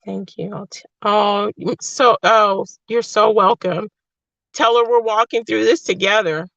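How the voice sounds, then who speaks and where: Affectionate woman with a lilt, gravelly edge. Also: mid-range voice, fairly even intonation, unhurried, no room sound. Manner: warm, affectionate, emotional. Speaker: livestream host. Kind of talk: casual livestream chat reading comments. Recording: dry, slightly dull lo-fi sound.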